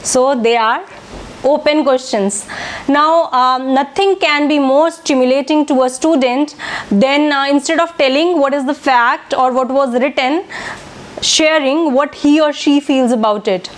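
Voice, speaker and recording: Teacher trainer, woman, higher voice, steady explanatory delivery with "um"s. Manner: measured, with frequent fillers and examples.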